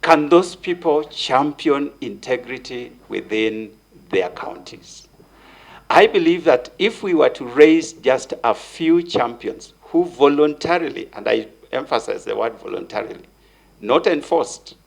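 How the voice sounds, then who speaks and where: A man's voice: mid-range voice, expressive, a little slow, creaky, rough recording. An older man with a Kenyan English accent, giving emphatic, preacherly testimony at a parliamentary vetting and repeating his key words. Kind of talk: formal testimony before a committee.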